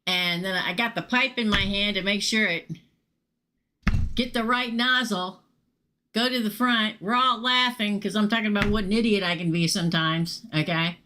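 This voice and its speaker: A middle-aged woman, telling a casual, animated story to viewers during a live tarot reading stream. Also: mid-range voice, moderate pace, background noise. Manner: chatty, animated, swears casually and talks straight to viewers. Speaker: tarot reader hosting a live show.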